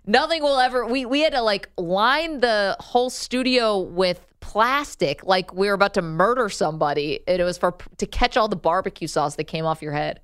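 A woman hosting a casual sports show in a studio, lively and often laughing. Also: medium pitch, moderate pace, few pauses, smooth, dry recording.

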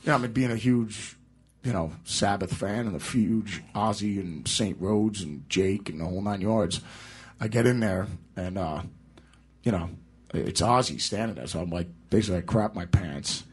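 A guitarist guest in a relaxed interview spins meandering stories, laughing as he goes. His voice sits low, carries a breathy edge, and moves at a normal speed.

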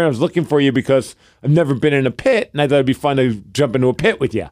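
A man's voice: mid-range voice, very fast, few pauses, dry recording. Male podcast co-host, 30s, loose rambling storyteller, dry studio sound. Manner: rambling, animated storytelling with many fillers. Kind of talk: casual chat.

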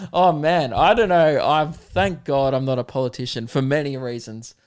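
Young Aussie male podcast host, casual profane rant, clear and bright in tone, self-mocking. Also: medium pitch, measured pace. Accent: Australian.

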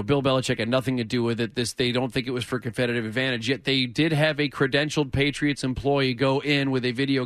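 A man co-hosting sports talk radio, easygoing and quick, hedging his points. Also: medium pitch, fairly bright tone, dry recording.

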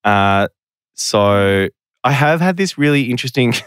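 Rambling, lively man. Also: medium pitch, a little slow, smooth, dry recording, studio quality. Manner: rambling, self-deprecating storyteller. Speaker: guest. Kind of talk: casual podcast interview.

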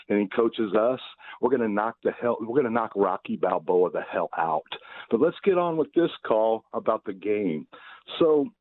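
A man calling in to a sports radio show, ranting in a rowdy, fired-up way and stumbling over his words, over a phone line. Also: medium pitch. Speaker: caller.

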